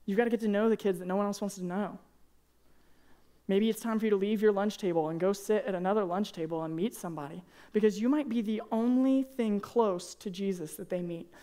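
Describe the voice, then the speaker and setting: A young man preaching a casual, earnest sermon to high school students, peppering his talk with "man" and "like". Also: steady tone, brisk, warm tone. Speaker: youth pastor. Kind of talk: youth sermon.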